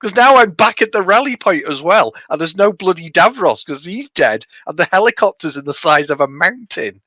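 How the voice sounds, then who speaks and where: A man, a regular of the stream, telling animated anecdotes in casual group chat. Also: high voice, moderate pace, no echo.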